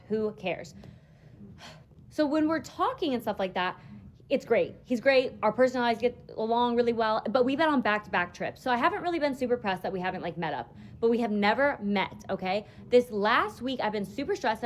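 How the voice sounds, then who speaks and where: A woman's voice: mid-range voice, slight background noise. A woman telling a casual storytime into her phone, blunt, emphatic and full of swearing.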